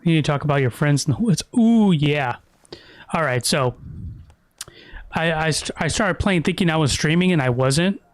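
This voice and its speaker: A man's voice: a little high, fairly quick, dry recording. A man giving casual, crude and profane commentary while streaming a video game. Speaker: gaming streamer.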